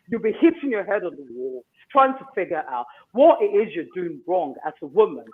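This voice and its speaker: A man's voice: sits high, sing-song, brisk, few pauses. A man hosting a talk show. He gives advice in an emphatic monologue and keeps asking "okay?". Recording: tinny phone-line sound.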